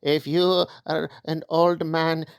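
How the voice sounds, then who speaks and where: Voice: medium pitch, little pitch movement, slow, clean tone, no echo, clean studio sound. A commentator giving opinion commentary in a sarcastic, argumentative way.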